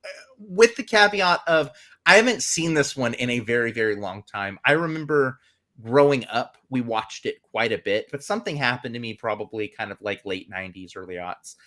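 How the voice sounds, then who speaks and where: A man's voice: medium pitch, animated, normal speed, a bit bright. A man co-hosting a film review podcast over a video call, rambling with many fillers. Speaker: podcast co-host. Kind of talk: casual film review chat.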